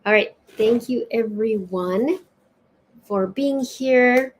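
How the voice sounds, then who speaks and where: A woman hosting a live spiritual session, chatting casually and reading oracle cards aloud in an expressive, lilting way. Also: mid-range voice, unhurried. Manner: warm, chatty, lilting and expressive, with soft laughs.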